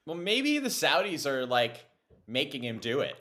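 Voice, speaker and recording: Guy cracking jokes on a golf podcast, bright voice, pitch bouncing all over. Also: huge pitch swings, moderate pace. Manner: joking, laughs often. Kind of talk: casual chat about golf.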